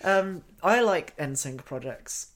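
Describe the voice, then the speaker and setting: A man's voice: fairly high pitch, slow pace. Laid-back podcast co-host, a man. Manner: relaxed, laughs often, mimics people in asides. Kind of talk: casual chat.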